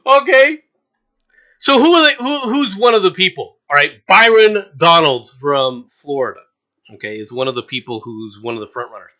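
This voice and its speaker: A political commentator rants sarcastically and mockingly, emphatically repeating points over and over and laughing with scorn. The voice is medium-pitched, with lively intonation, a moderate pace, and a sharp tone. The recording is rough.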